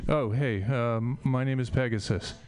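A man co-hosting a casual podcast, making quick apologetic asides. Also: mid-range voice, fairly even intonation, background noise. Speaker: podcast co-host. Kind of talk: casual chat.

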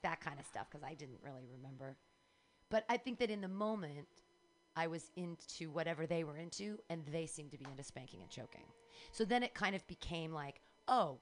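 Candid, animated middle-aged woman. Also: deep voice. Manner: candid, animated storytelling with acted quotes. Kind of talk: frank casual chat. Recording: faint background noise.

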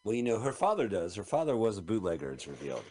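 In a radio studio, a male co-host swaps movie stories during casual banter while they watch a film, slipping into silly put-on voices as he tells them. He talks fast in a lowish, sing-song voice with a dark tone. There is slight background noise.

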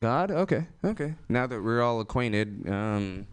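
A man's voice: mid-range voice, expressive, unhurried, smooth, no room sound. Rambling young-sounding stand-up man. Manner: rambling, self-deprecating, filler-heavy delivery. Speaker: stand-up comedian. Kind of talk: open-mic stand-up set.

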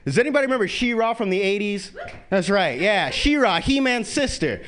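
A man doing a stand-up comedy set, profane and animated, jumping into quick character bits. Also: high voice.

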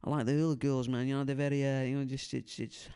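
A man's voice: mid-range voice, little pitch movement, quick pace, mellow, smooth. A man in his twenties doing stand-up crowd work on a club stage, with a laid-back, rambling drawl that trails off and keeps tacking on "man". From San Francisco Bay Area. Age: 20s.

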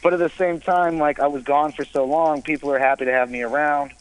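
A man's voice: fairly high pitch, fairly even intonation, brisk, poor audio. A man in his thirties, a stand-up comedian, rambling and swearing as he philosophizes about life in casual chat. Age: 30s.

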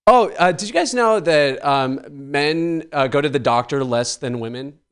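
Brief: male comic, clear smooth voice, meandering and self-mocking delivery. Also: on the high side, measured pace. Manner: rambling, self-mocking, full of likes and chuckles. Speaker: stand-up comedian. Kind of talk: stand-up set.

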